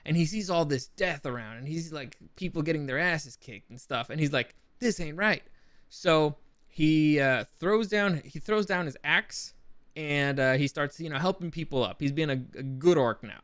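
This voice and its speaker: A man's voice: fairly high pitch, moderate pace, a bit bright, no echo, clean studio sound. Chatty man hosting a gaming commentary show. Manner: chatty, rambling, frequent self-corrections. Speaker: show host.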